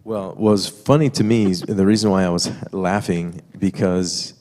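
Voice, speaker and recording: A man's voice: low voice, steady tone, moderate pace, mellow, slight background noise. A man sharing a testimony in a church, talking easily and conversationally to the congregation. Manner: easygoing, conversational, fillers and asides to the congregation. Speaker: guest speaker sharing testimony with wife. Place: church sanctuary. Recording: reverberant church sanctuary.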